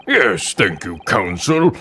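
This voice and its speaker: This is a creaky, gravelly old judge from a video game, speaking very slowly and formally. A man puts the voice on. His low voice rolls widely up and down and still cuts through with a sharp, bright edge. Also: sing-song, a little hiss or hum, heavily acted. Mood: stately. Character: elderly male court judge, slow and stately. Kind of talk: fan dub of a video game.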